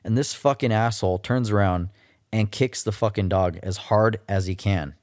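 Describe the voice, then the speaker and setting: A man's voice: fairly low pitch, moderate pace, a little mellow, no echo, clean studio sound. A man hosting a solo podcast, ranting in a casual, blunt and profane way. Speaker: podcast host.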